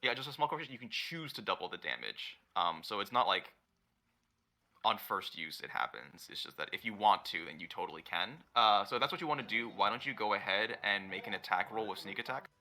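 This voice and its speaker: A man's voice: on the low side, lively intonation, brisk, bright, forceful tone. A man running a tabletop game as dungeon master, narrating with many fillers and easy laughs.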